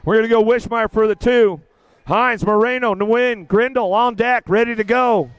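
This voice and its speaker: An older man calling a kids' bike race live, energetic and chatty, getting a bit emotional. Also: very high-pitched, moderate pace, clean tone, no room sound. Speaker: race announcer. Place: outdoor race track.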